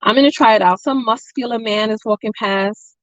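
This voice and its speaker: Woman doing a mukbang stream, chatting w viewers, kinda high voice, dry muffled sound. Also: brisk, dry recording. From family from Nevis. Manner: chatty, storytelling, playful asides to chat. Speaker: mukbang host. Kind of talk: casual chat with live viewers.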